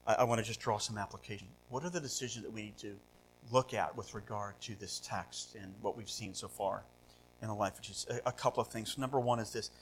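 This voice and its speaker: A male pastor preaching a sermon, asking rhetorical questions and swinging between loud, animated passages and hushed ones. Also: lowish voice, quick pace, slight background noise, low-quality recording. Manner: rhetorical questions, repeats words.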